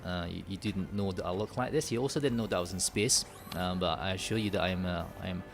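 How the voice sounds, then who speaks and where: A man's voice: low voice, fast, creaky, music in the background, pitched below the performer's own voice. A man voicing a mock-serious gamer with a put-on Scottish accent.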